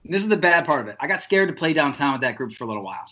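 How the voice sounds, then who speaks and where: A man telling a story in loose, casual podcast chat, his voice sitting a little on the higher side. He leans on fillers and leaps up in pitch whenever he gets worked up. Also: racing. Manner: animated, many fillers, jumps high in pitch when indignant. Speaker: podcast guest, musician.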